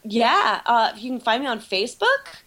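Female guest, easygoing and jokey, slightly high voice, casual chat. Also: very animated, normal speed, bright, forceful tone. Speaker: podcast guest, video producer.

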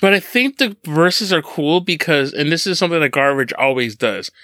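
A man co-hosting a casual music podcast, animated, laughing often and swearing freely. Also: fairly high pitch, normal speed, no room sound, studio quality. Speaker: podcast co-host.

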